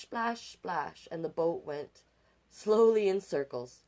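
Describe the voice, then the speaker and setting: Animated woman reading a picture book. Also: fairly low pitch, measured pace. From Canada. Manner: animated, chatty asides and sound effects. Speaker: storytime host.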